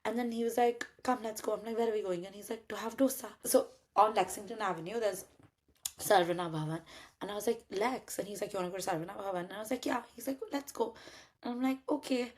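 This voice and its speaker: A woman's voice: medium pitch, fast talker. A young woman from India tells a story in a loose, conversational way. She keeps switching into the voices of the people in it and swears casually as she goes. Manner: animated, acts out both sides of dialogue, swears casually. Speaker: podcast host telling a story.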